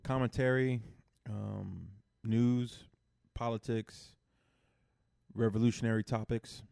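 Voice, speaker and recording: A man hosting a casual podcast, laid-back with lively bursts. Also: medium pitch, takes it slowly, creaky, clear, resonant tone, no room sound, clean studio sound. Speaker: podcast host.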